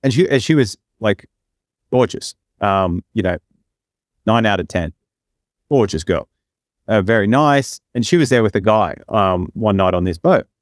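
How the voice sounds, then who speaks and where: A young man co-hosting a podcast tells a long, rambling story in a casual way, packed with fillers and "right?" tags. His voice sits fairly low and sounds animated, moving at a measured pace with long pauses. The studio recording is clean, with no echo.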